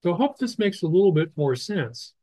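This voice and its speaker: A man teaching a ham radio licensing class over slides, explaining slowly with many restarts and fillers. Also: sits high, big pitch swings, warm tone, no echo, poor audio. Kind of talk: technical lecture over slides.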